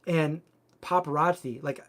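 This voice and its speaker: A man's voice: fairly high pitch, fairly even intonation, measured pace, a bit bright. A man hosting a cooking channel, chatting casually on a live stream and answering viewer comments in a rambling way, full of filler words. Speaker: vegan cooking channel host.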